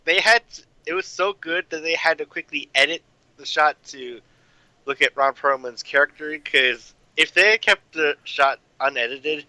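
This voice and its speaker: A man's voice: on the high side, normal speed, sharp tone, no room sound, poor audio. A man in casual film discussion, talking loosely with lots of fillers and wry asides.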